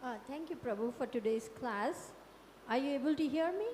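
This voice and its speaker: A high-voiced woman in the audience asks a polite, thoughtful question. Her voice comes through a roomy, echoing hall with a long tail of reverb and a faint hiss underneath. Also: animated, normal speed, darkish tone. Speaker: audience member asking a question.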